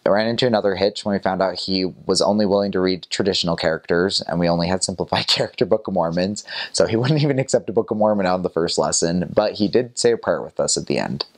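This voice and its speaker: A man's voice: low-pitched, fast talker. A young man casually telling a personal story about his missionary days, chatty, with frequent small laughs and fillers. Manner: chatty, laughs often between phrases, fillers like "like" and "kinda".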